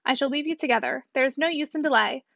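Woman reading a hushed, secretive gentleman. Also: high voice, fast, gravelly, dry recording, lo-fi sound, exaggerated voice. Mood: guarded. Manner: hushed and evasive. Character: earnest, secretive middle-aged English gentleman.

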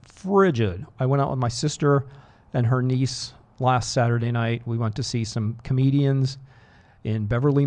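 A man's voice: medium pitch, a little mellow. A man hosting a rock radio show, chatting casually with rambling, self-deprecating asides into a studio microphone. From Boston area. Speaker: radio DJ host. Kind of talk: casual on-air chat.

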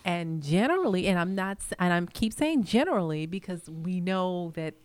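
A woman with a fairly low voice, recorded dry and close, hosting a relaxed conversation. She presses her point insistently and often repeats and rephrases herself. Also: normal speed, clear, resonant tone, no echo. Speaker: host. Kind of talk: casual conversation.

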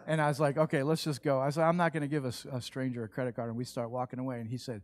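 A middle-aged man preaching a sermon, telling a lively personal story and acting out what people said. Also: mid-range voice, very fast, few pauses, no room sound. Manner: animated storytelling, acts out quoted voices. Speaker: pastor.

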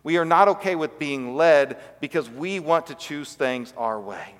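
A man preaching a sermon as pastor, telling stories earnestly and dropping to quiet emphasis. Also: fairly high pitch, animated, unhurried, big-room sound.

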